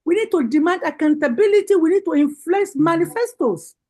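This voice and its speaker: A woman's voice: extremely high pitch, lively intonation, a little fast, darkish tone, poor audio. A Nigerian woman giving a rallying political speech over a video call, with repeated, impassioned calls to action. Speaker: party women's leader giving a speech.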